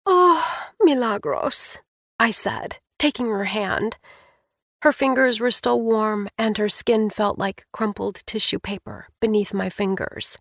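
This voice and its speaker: A woman's voice: medium pitch, fairly even intonation, unhurried, creaky, fairly bright tone, dry recording, studio quality. A woman narrating a first-person novel as an audiobook, reading expressively.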